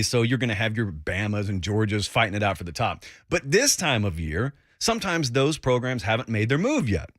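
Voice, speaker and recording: A man's voice: mid-range voice, fairly bright tone, dry recording. A male college football analyst talks on sports radio in a dry studio. He tells his stories with animation and mimics his critics along the way. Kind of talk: casual sports radio talk.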